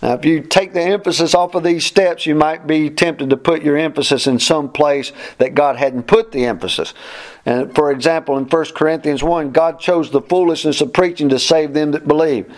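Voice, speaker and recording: A man's voice: a little high, moderate pace. A man teaching a verse-by-verse Bible class, plainspoken and emphatic, often repeating his points.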